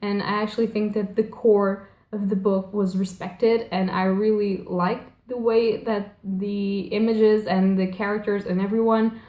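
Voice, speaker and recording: A woman's voice: medium pitch, little pitch movement, a little slow, dull audio. A young woman chatting casually as a book vlogger, gushing and rambling, often correcting herself and filling with "um" and "like". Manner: rambling, gushing, self-correcting, frequent fillers. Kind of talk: casual chat. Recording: echoey room.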